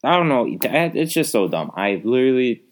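A man's voice: mid-range voice, big pitch swings, moderate pace. A young man hosting a podcast, ranting in an exasperated, rambling way with lots of fillers. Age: young adult. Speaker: podcast host. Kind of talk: casual solo rant.

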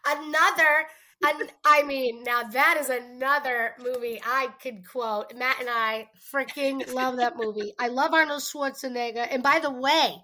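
Bright high-voiced chatty woman. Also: fairly even intonation, unhurried. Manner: chatty, quotes movie lines in put-on voices. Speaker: podcast co-host. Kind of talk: casual chat.

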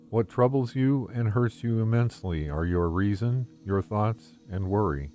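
A man reading a devotional text aloud in the first person, in a calm, gentle and measured way. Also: deep voice. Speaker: devotional reader.

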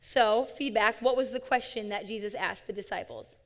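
A woman's voice: mid-range voice, normal speed, long reverb tail. A woman giving an interactive sermon to a live audience, upbeat and playful as she coaxes them to take part. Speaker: young adult ministry speaker.

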